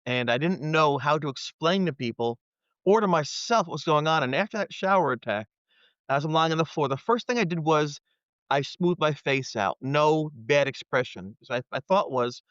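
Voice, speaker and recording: A man's voice: on the high side, lively intonation, moderate pace, fairly bright tone, smooth, no echo. A man in his fifties, a podcast guest, telling a personal story earnestly and acting out his own past thoughts. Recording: dry, dull lo-fi audio.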